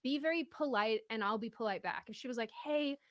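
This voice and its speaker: A woman telling a story in casual chat, animated and indignant as she rants. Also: on the high side, fast, slight background noise.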